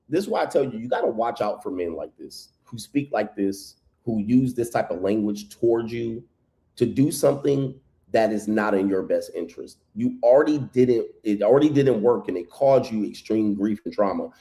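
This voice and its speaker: A man's voice: fairly low pitch, warm tone. A man reacting to a video clip with blunt, mocking commentary, swearing freely as he talks. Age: adult past his first marriage.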